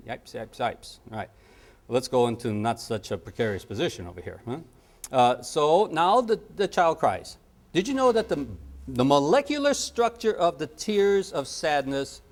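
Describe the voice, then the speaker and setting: A middle-aged man teaching a parenting training session, joking and acting out little scenes as he goes. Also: fairly high pitch. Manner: animated, jokey, acts out little scenes and sound effects. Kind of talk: lively training lecture.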